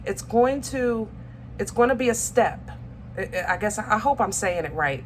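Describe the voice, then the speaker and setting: There's a little hiss or hum as a woman with a medium-pitched, lively voice does an unhurried, casual tarot reading. Affectionate and chatty, she keeps calling people baby and y'all while fumbling for words through frequent ums and restarts.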